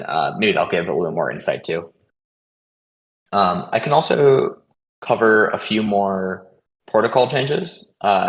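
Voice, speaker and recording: A man with a fairly low voice gives a casual update on a community voice call. He talks fast and stumbles often, restarting words and filling pauses with "um" and "uh.". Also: rough recording. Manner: hesitant, many fillers and restarts; fast, caffeinated talk. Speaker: protocol contributor hosting a community call.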